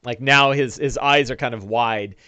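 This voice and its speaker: A man's voice: medium pitch, normal speed, pushed and bright, clean tone, dry recording. A man running a one-on-one tabletop game as game master, narrating loosely with many fillers. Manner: descriptive, loose narration full of "uh" and "kinda".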